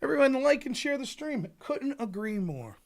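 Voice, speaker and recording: A man from rural Pennsylvania hosting a political livestream, sarcastic and animated, rambling through his commentary. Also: very high voice, moderate pace, gravelly. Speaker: livestream host.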